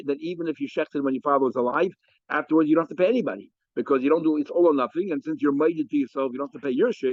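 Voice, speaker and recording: Fast-talking rabbi teaching a Talmud class. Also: male voice, a little high, no echo. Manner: lively, animated, explains and asks questions. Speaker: rabbi teaching daf yomi. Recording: muffled lo-fi sound.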